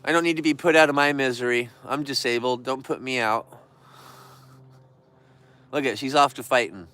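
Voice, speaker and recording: A man who keeps bears vlogs casually to the camera about them, emotional, rambling, and earnest, at times turning bitter and heated. His voice is mid-range with a sharp tone, at a moderate pace.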